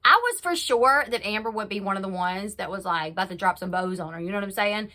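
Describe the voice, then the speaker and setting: A young woman hosting a casual reality TV recap, chatty and animated, acting out quotes with big jumps in her voice. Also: medium pitch, quick pace. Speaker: YouTube recap host.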